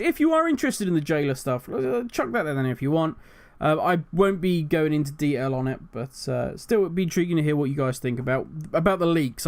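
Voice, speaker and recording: A man's voice: on the high side, clear, resonant tone. Exasperated man ranting. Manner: animated, exasperated, rhetorical questions. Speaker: gaming channel host. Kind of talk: casual commentary rant.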